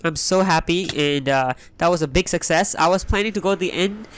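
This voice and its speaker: A young man hosting a Minecraft let's play, talking in an excitable, rambling way. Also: on the high side, a little fast, a little hiss or hum. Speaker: gaming channel host.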